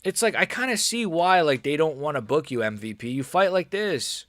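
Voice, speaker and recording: A man's voice: a little high, lively intonation, moderate pace, fairly bright tone, dry recording, studio quality. A young man doing casual live commentary on a fight stream, with slangy, rambling speech and blunt, mocking opinions. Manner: slangy, rambling, frequent "bro" and "like".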